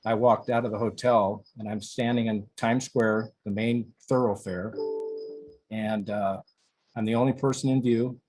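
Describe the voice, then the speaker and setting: A man's voice: fairly low pitch, steady tone, measured pace, darkish tone, soft background music. A man from North Iowa telling an eyewitness story in an interview, acting out the voices of the people he quotes. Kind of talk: recounting a personal story.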